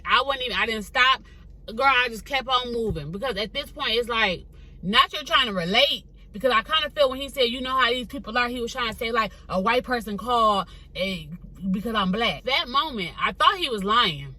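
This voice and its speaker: A woman's voice: a little high, rough recording. A young woman chatting casually as she tells a story from her car, talking straight to her viewers. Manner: chatty, animated, addresses viewers as "girl". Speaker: vlogger telling a story. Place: parked car.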